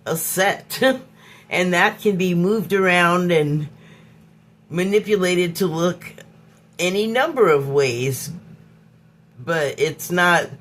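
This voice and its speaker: A woman hosting her own podcast, speaking in an unscripted, reflective monologue. She talks in a halting, musing way, often pausing to search for words and restarting her phrases. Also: on the low side. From Hollywood, United States. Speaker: podcast host.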